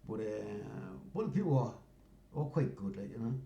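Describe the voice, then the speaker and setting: Older man, mellow and roomy. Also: on the low side, expressive, moderate pace, gravelly. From North East England. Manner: rambling, often says "you know what I mean". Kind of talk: casual storytelling monologue. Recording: roomy echo.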